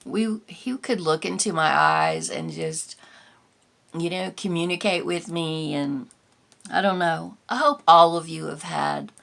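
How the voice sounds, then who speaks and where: Older woman, vlog host, slow gentle talk, gravelly low voice, rambling pauses. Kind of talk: reflective personal vlog.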